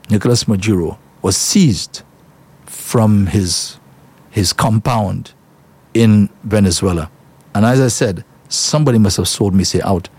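A man's voice: fairly low pitch, darkish tone, slightly rough. A man giving opinionated solo commentary to listeners, talking emphatically, repeating himself for effect. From Saint Lucia. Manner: emphatic, repetitive, indignant, addresses listeners as folks.

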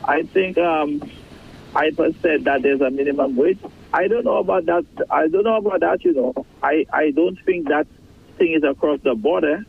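A man's voice: a little high, moderate pace, creaky, slight background noise. A Saint Lucian man on a call-in radio show, complaining with emphatic, repeated phrases. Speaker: caller. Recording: phone line.

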